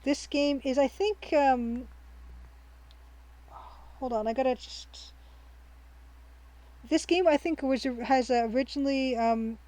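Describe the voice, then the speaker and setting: Streaming a game, a cheerful woman with a somewhat high-pitched voice gives easygoing, meandering let's-play commentary, stumbling over ums and restarts while she thinks out loud. She laughs often, and her tone is on the dark side, captured with poor audio.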